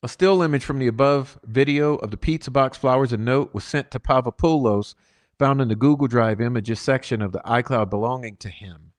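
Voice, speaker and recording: A man's voice: medium pitch, fairly quick. Man reading case files with asides. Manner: reads flatly, then breaks off into emphatic asides. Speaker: crime channel host. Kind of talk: reading case documents with commentary.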